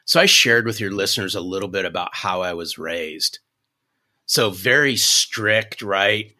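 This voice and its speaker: A man in his fifties, a sales coach guest on a podcast, telling a story in an animated, folksy way. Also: deep voice, a little slow. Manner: animated, restarts sentences, folksy.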